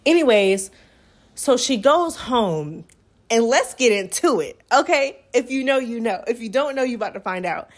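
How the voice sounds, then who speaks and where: A young adult woman recapping a movie for her channel in a chatty, animated way, acting out the characters' lines as she goes. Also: fairly high pitch, moderate pace. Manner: chatty, animated storytelling with acted-out quotes.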